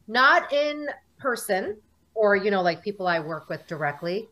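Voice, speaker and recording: Her voice is mid-range and a little slow: an American woman in her 40s appearing as a guest in a casual interview. She tells stories with animation, acting out the dialogue of people involved.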